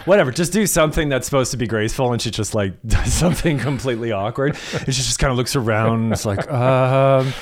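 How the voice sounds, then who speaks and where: A man's voice: mid-range voice, animated, fast talker, hardly any pauses. A man in casual conversation, joking and chuckling as he responds. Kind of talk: casual chat.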